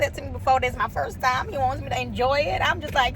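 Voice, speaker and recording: Recorded on a phone amid crowd noise, a young Jamaican woman talks fast in a high voice with a Jamaican accent. She chats casually in her travel vlog, telling animated stories and dropping into patois for quotes.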